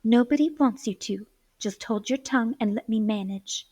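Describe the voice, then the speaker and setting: A woman's voice: on the high side, moderate pace, mellow, slightly rough, no room sound. A woman reading aloud, voicing a spoiled, cross teenage girl who scolds sharply. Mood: bossy.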